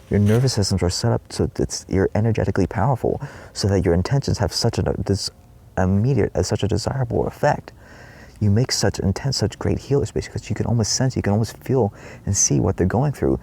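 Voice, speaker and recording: A man's voice: lowish voice, fairly quick, gravelly, dark tone, husky. A man giving a rambling spiritual monologue in his trailer, swearing often and acting out his own past cries. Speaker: spiritual vlogger.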